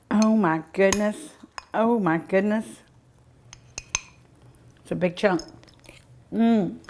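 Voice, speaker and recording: A woman's voice: medium pitch, noisy background. Leisurely woman cooking-show host, folksy and chatty, lingering over each taste with long mms. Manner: savoring, lots of drawn-out mms and ohs. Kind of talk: casual cooking show tasting. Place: outdoors at home by the pool.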